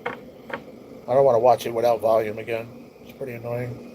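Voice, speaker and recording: A man's voice: medium pitch, little pitch movement, moderate pace, dark tone, slight background noise, rough recording. A man hosting a casual livestream, chatting in an easygoing, rambling way and reading viewer comments aloud, his nose stuffy and his voice tiring. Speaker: livestream host.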